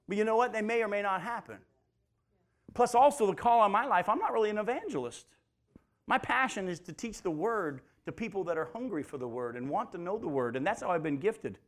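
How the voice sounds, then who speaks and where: A man's voice: sits high, animated, fairly quick. A male preacher teaching the Bible in a conversational sermon, calling his listeners folks and asking them rhetorical questions.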